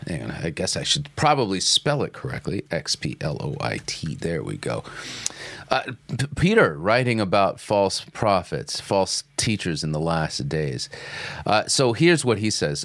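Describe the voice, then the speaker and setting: Man, low voice, dry close sound, podcast host, reading scripture, commentary. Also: very animated, measured pace, a bit bright, no room sound. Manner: reacts to clips, reads Bible passages aloud.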